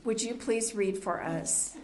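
A woman's voice: medium pitch, slow pace, darkish tone, a little hiss or hum. A woman teaching a Bible study group in an earnest, conversational sermon style, asking the group questions. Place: meeting room with a group. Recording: roomy echo.

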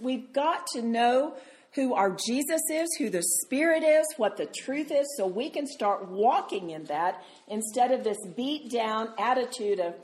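Woman leading a bible study, lively and tender, calls people sweetheart. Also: on the high side, unhurried. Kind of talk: Bible teaching to a group.

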